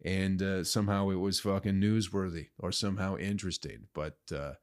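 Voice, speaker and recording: Crude ranting man, low voice. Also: lively intonation, brisk. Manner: crude, profane, sarcastic ranting with sudden loud outbursts. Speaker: podcast host. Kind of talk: solo ranting podcast monologue.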